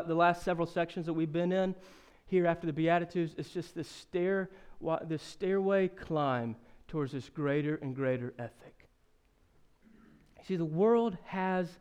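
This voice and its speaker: A man in his thirties preaching a sermon as pastor, earnest and storytelling, rising to emphatic questions and then going quiet. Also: a little high, clean tone. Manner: earnest, builds to emphatic rhetorical questions, then drops soft; storytelling with self-deprecating humor.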